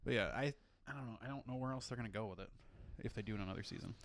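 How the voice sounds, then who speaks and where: Podcast co-host, male, mid-pitched, relaxed and offhand, swears freely. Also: racing, gravelly. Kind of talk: casual chat.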